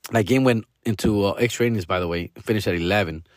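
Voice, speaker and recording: A man, a comedian hosting his podcast, telling a story in an animated, slangy, profane way on a close mic. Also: on the low side, fast talker, no echo. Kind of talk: casual storytelling.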